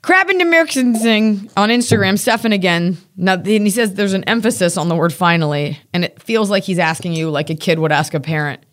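A high-voiced man co-hosts a loose conversation, cracking jokes and teasing his guest. He chimes in quickly, keeping the talk playful. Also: a bit bright. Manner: joking, teasing interjections. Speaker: co-host. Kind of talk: casual chat.

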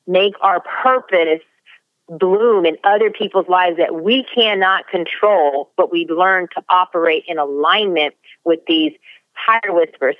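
A woman's voice: lowish voice, no echo, phone-quality sound. A woman author speaking as a guest, earnest and emphatic in a faith-based motivational talk, sometimes stumbling into repeated words.

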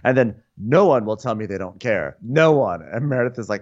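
A man's voice: lowish voice, animated, a little fast, few pauses, darkish tone. A man co-hosting a podcast, recapping with wry asides and laughter. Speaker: podcast co-host. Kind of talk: casual recap chat. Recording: dull, muffled sound.

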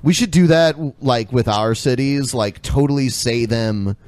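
A man in a mid-pitched voice ranting on a podcast, stopping and repeating words as he builds a point. The sound is dry and close. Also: unhurried, darkish tone, dry recording. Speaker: podcast co-host. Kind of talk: casual podcast banter.

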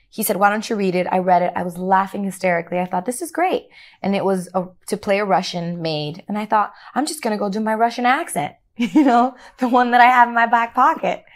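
Animated woman telling a story. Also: medium pitch. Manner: animated, acts out quoted dialogue, laughs often. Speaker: actor guest. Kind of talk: casual storytelling interview.

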